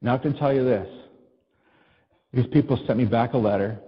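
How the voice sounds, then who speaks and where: Male pastor, slightly husky, preaches like he's chatting and keeps asking the room questions. Dull, muffled recording. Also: medium pitch, moderate pace. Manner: conversational, asks the congregation questions, acts out quotes. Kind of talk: sermon.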